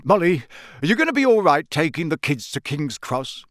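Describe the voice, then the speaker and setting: A man's voice: a little high, very animated, normal speed, a bit bright, no room sound, studio quality, voice pushed up. A man voicing a busy, earnest middle-aged wizard father who talks in a hurry. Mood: hurried.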